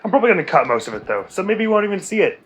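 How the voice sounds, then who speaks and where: A man's voice: high-pitched, sing-song, rapid-fire, faint music behind. A man hosting a video game let's play, giving casual, rambling commentary with self-mocking, exasperated grumbling.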